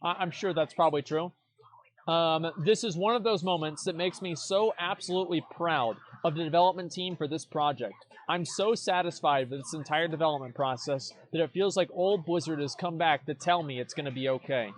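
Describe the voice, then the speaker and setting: A man's voice: fairly high pitch, a little fast, slight background noise. A young man streaming as he reacts to forum posts, blunt and mocking, cursing freely and restarting his sentences with repeated words. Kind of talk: casual commentary.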